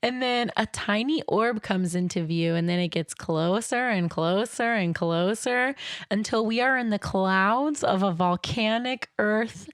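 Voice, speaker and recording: A young woman co-hosting a podcast, excitedly recapping a film in casual chat and getting emotional over it. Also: medium pitch, unhurried, smooth, no echo, clean studio sound. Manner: animated, emotional, dramatic retelling. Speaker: podcast co-host.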